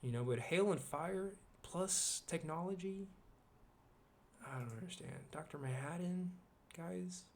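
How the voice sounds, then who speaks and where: A man's voice: high voice, unhurried. Rambling man musing aloud at his desk. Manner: rambling, asks the viewer questions, swears casually. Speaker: video host. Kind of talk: casual rambling commentary.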